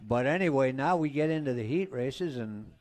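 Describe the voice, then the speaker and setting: A man's voice: medium pitch, animated, fairly quick, background noise. Older man spinning rambling racing yarns. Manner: rambling anecdotes, chuckles between lines. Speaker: guest, former race car driver. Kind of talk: casual storytelling.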